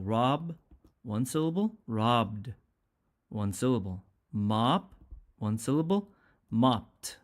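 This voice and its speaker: A man teaching an English pronunciation lesson, speaking carefully and repeating sounds and example words one at a time. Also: medium pitch.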